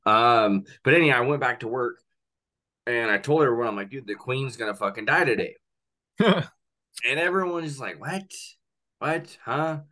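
A man hosting a podcast in casual chat, swearing freely and telling stories animatedly. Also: mid-range voice. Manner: profane, animated storyteller. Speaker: podcast host.

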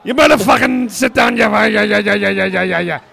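A man voicing an angry, rowdy man in a fight crowd who shouts and repeats the same words over and over. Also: high-pitched, fairly quick, creaky, slightly rough, full character voice. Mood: shouting. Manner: shouting, repeating "yeah" and "hurry".

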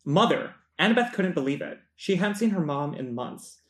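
A man co-hosting a book podcast, reading a passage aloud in a steady, measured way. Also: a little high, echoey room.

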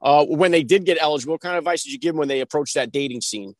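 A man's voice: a little high, very fast, no echo. A male podcast host asking eager, wordy interview questions.

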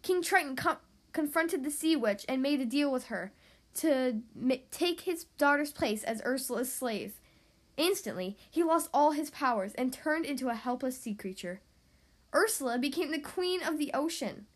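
Woman narrator, high voice, storybook read-aloud, slight stumbles. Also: expressive, normal speed. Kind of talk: storybook reading.

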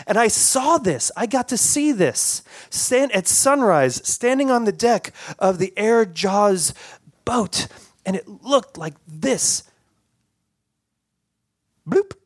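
A man telling a personal story aloud, halting and repeating words, with animated sound effects. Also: high-pitched, no room sound.

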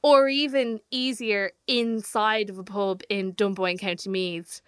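Bright, smooth Irish young woman. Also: mid-range voice, a little slow, dry recording, clean studio sound. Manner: chatty, deadpan storytelling. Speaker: podcast guest, singer-songwriter. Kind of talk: casual chat.

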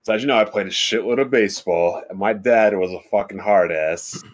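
A man co-hosting a podcast, telling a profane childhood story in an animated, casual way. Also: fairly low pitch, brisk.

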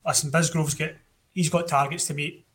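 A man's voice: fairly high pitch, little pitch movement, a little fast, a bit bright, a little hiss or hum. A young Scottish man hosting a casual football podcast, blunt and opinionated, often restarting his sentences. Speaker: podcast host.

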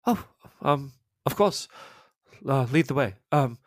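A man voicing a frail, injured young woman who is polite and genteel, speaking in a halting, stammering, apologetic way as if weak and in pain. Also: mid-range voice, lively intonation, no room sound, clean studio sound, voice pushed up. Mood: timid pleading.

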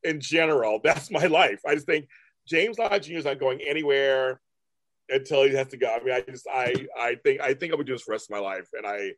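A man's voice: medium pitch, a little fast, fairly bright tone. A man in his fifties, a guest artist talking candidly in an interview, blunt and profane, mimicking his family in raised voices. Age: 50s. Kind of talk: candid casual interview talk.

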